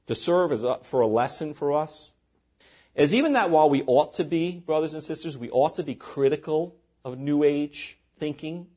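A man's voice: fairly high pitch, darkish tone, slightly rough. A man preaching a sermon as pastor, reading scripture aloud and breaking in with short asides to the congregation.

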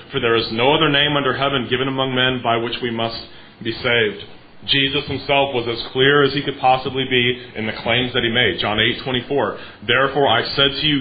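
A man's voice: medium pitch, slight background noise. Earnest male preacher, slightly muffled recording. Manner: earnest, emphatic preaching with frequent throat clearing. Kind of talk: sermon.

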